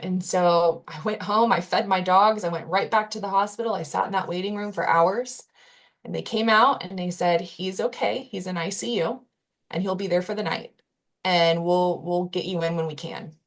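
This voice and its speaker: A woman's voice: fairly low pitch, fairly even intonation, moderate pace. A young adult woman, a podcast guest, telling a personal story in an earnest, candid way with casual fillers and restarts.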